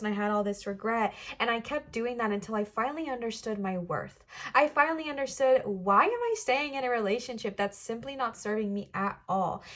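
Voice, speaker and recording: A young woman reads tarot cards for her viewers, her voice sitting a little high. She is warm-hearted and emotional, encouraging the listener and calling them bestie. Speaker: tarot reader. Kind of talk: tarot reading.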